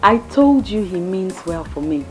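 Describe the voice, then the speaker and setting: A woman's voice: medium pitch, expressive, measured pace, soft background music, close to an everyday voice, low-quality recording. A woman plays an earnest daughter reasoning with her parents. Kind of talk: film drama acting.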